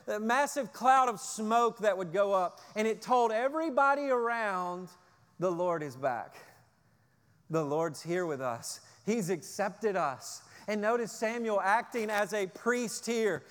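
Male pastor, high voice, emphatic sermon delivery, long hall reverb. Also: a bit bright. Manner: emphatic, repeats key phrases for stress.

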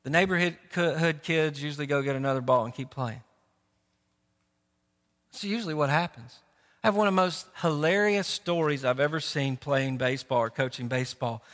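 A man's voice: a little high, brisk, a bit bright. A man pastor preaching a sermon, telling stories and acting out the voices of people he quotes. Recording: long hall reverb.

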